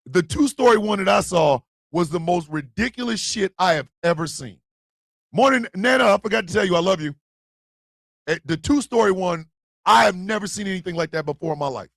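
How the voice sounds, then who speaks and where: A man hosting a stream, ranting and joking loudly with profanity and frequent laughter. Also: high voice, vocal fry, no echo, studio quality. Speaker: streaming show host. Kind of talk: casual comedic rant.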